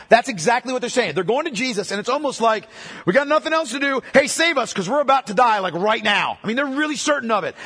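A man preaching a sermon in a conversational way, moving between hushed, slow passages and emphatic, urgent ones. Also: very high-pitched, slightly rough. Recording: echoey hall with long reverb.

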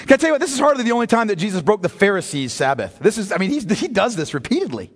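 Male pastor, high and lively voice, animated sermon delivery, long reverb of a church hall. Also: racing, hardly any pauses, husky. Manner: animated storytelling preacher, shifts from jokes to solemn emphasis.

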